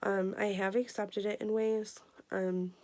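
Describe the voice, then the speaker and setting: A woman in her twenties giving an earnest, emotional personal health update, halting with many fillers. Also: mid-range voice, flat delivery, darkish tone. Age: 20s. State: emotional, near tears. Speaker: vlogger.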